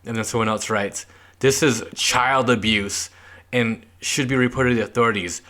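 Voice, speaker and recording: A young man co-hosts a casual podcast, reading old newspaper clippings aloud in a relaxed, rambling way. His voice sits at an ordinary middle pitch, and he peppers his talk with fillers. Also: moderate pace. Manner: laid-back, reads clippings aloud with lots of "like". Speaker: podcast co-host. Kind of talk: casual chat.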